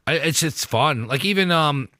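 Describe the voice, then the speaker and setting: A man's voice: fairly high pitch, lively intonation, pushed and bright, dry recording. A man hosting a casual podcast from a basement studio, chatting and laughing easily. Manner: laughs easily, quick back-channel yeahs. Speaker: podcast host. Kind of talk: casual chat.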